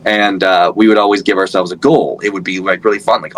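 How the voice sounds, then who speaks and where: A man's voice: deep voice, fairly even intonation, fast, fairly bright tone, a little hiss or hum, rough recording. A man in his thirties, a voice actor guest, chatting casually in an interview, rambling with lots of fillers and restarts.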